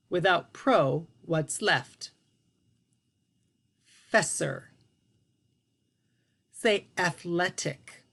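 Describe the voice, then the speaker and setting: A woman's voice: lowish voice, a bit bright. A woman teaching a phonics lesson to young children, patient and encouraging as she models sounds.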